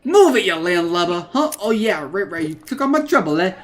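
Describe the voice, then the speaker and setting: A man voicing a gruff, hungry male dockworker who bosses people around, read from game text. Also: high-pitched, sing-song, fairly quick, a bit bright. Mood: bossy.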